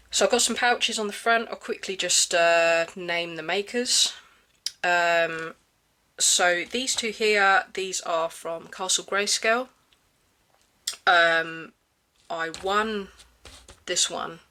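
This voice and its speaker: A vlogger showing off a pouch in a casual show-and-tell, slightly hoarse from hay fever and pausing often with ums and restarts. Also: mid-range voice, bright, forceful tone. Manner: hesitant, many ums and restarts. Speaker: everyday-carry gear reviewer.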